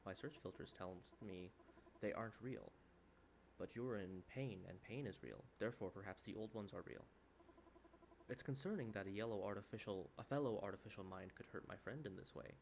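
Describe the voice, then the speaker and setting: A man voicing a gentle, friendly male AI companion program in an earnest, put-on accent. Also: lowish voice, a little fast, a little hiss or hum, close to an everyday voice.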